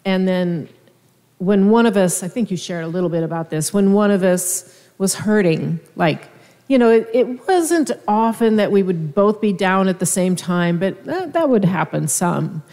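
A woman, a minister's wife, telling her story at a seminar in a soft, hesitant, conversational way. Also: mid-range voice, expressive, normal speed. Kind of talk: personal testimony at a seminar. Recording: echoey hall.

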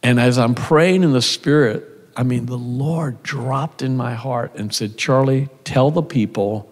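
A man's voice: medium pitch, a little slow, few pauses. An older man preaching a sermon with folksy, conversational storytelling in a church. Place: church sanctuary. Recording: church hall reverb.

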